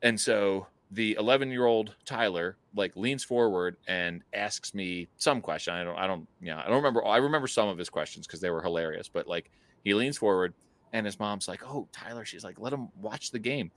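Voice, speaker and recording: A man co-hosting a podcast, telling a travel story in a casual, animated way, full of fillers and laughs. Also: fairly low pitch, fairly quick, no echo. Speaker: podcast co-host.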